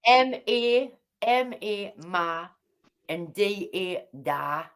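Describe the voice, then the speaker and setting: A woman's voice: mid-range voice, expressive, very slow, clean tone. Bantering woman host. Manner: teasing, bantering. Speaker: host of a live chat stream. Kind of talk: casual chat.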